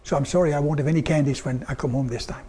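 An older man preaching a sermon, telling personal stories earnestly and quoting others in a softer, lower tone. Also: fairly even intonation, rapid-fire, slightly rough. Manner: earnest storytelling, quoting God and people in softer lower tones.

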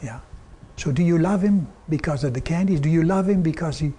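An older man preaching a sermon, telling personal stories earnestly and quoting others in a softer, lower tone. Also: fairly quick, slight background noise. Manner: earnest storytelling, quoting God and people in softer lower tones.

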